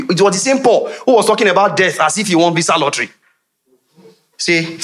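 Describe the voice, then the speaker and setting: A man with a high voice preaches fairly quickly, quizzing his congregation for answers in animated call-and-response. He laughs often and drifts into chatty, conversational asides.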